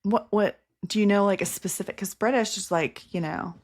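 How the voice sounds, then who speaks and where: A woman co-hosting a podcast in a loose, casual chat. She sounds giggly and playful, and her voice stays animated as she teases her friend. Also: medium pitch, moderate pace, few pauses. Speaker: podcast co-host.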